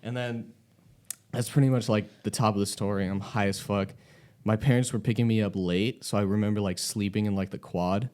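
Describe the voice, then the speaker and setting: Lowish-voiced young guy rambling through a story, swears a ton, laughs a lot. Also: steady tone, fairly quick, a little mellow. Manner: profane, rambling, laughs often. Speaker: podcast host. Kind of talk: casual storytelling.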